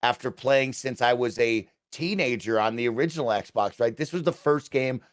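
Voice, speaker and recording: A young man on a casual gaming chat, talking enthusiastically and quickly, often tagging his sentences with "right?". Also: mid-range voice, dry recording, studio quality. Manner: enthusiastic, fast, peppered with "right?". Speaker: guest.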